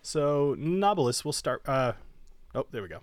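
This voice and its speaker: A man narrating as game master, hesitant and full of pauses and restarts. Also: mid-range voice, big pitch swings. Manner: hesitant, lots of fillers and restarts.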